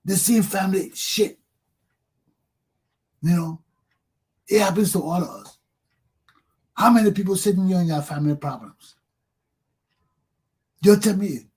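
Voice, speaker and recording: A husky-voiced man with a Liberian English accent, pitched fairly high for a man. He rants in a heated, profane talk-show monologue, hammering phrases over and over. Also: dark tone. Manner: angry, profane ranting with repeated "man". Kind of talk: impassioned political monologue.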